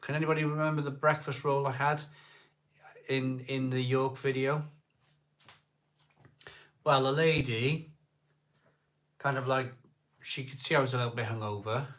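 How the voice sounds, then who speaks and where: A man's voice: medium pitch, fairly even intonation, moderate pace, pauses often, fairly bright tone. Welsh man, middle-aged, live stream host, chatty, jokey, reading out viewer comments. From South Wales.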